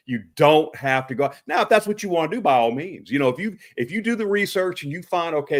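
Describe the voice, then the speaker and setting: A man with an East Texas drawl hosts a casual live chat show. His voice sits in an ordinary middle pitch, and he rambles along with plenty of uhs and restarts. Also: fairly bright tone. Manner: rambling, many fillers and restarts. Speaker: host.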